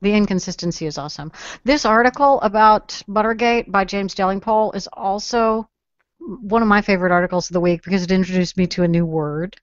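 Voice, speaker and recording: A woman's voice: mid-range voice, brisk, dry recording. Chatty woman on a dry lo-fi podcast. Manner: chatty, giggly. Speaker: podcast co-host. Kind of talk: casual panel chat. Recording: dry, dull lo-fi audio.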